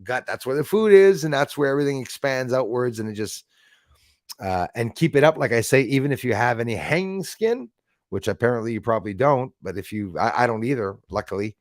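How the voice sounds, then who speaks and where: A man's voice: medium pitch, animated, a little fast, no echo, clean studio sound. A man hosting a casual live stream, chatting with viewers by name and swearing casually. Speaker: livestream host.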